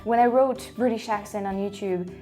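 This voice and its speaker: A woman from France with a French accent, chatting on a casual reaction vlog and thinking aloud with lots of restarts and bursts of excitement. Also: mid-range voice, normal speed, soft background music. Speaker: vlogger.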